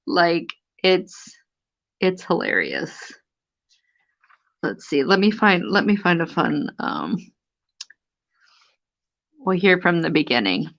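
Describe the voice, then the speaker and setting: A woman's voice: fairly low pitch, big pitch swings, takes it slowly, pauses often. A woman hosting a casual live stream, amused and chatty, reading aloud from an old magazine with theatrical emphasis. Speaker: antique book seller hosting a live stream. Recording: dull lo-fi live stream audio.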